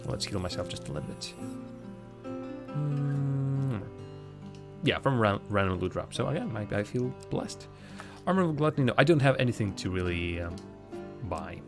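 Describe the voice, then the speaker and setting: A man's voice: medium pitch, expressive, normal speed, pauses often, over music. Chatty, self-mocking male streamer. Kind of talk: casual live gameplay commentary.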